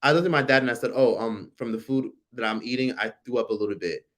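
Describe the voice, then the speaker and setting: A man in his forties hosting a casual livestream, telling a personal story with animated, profane delivery and reading viewer comments aloud. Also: medium pitch, quick pace. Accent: American. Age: 40s. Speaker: livestream host.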